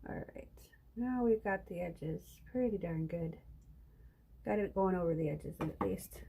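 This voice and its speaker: A woman's voice: fairly low pitch, unhurried, gravelly, mellow, breathy edge. A middle-aged woman hosting a live painting stream, chatting casually and rambling to viewers while she works, with hiccups. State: has hiccups. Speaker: live-stream craft host.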